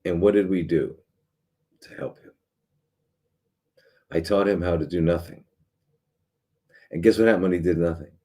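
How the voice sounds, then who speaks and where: A man's voice: deep voice, steady tone, brisk, pauses often, warm tone. A middle-aged man, a doctor hosting a live show, talking casually in a sarcastic, rambling way with many restarts and fillers.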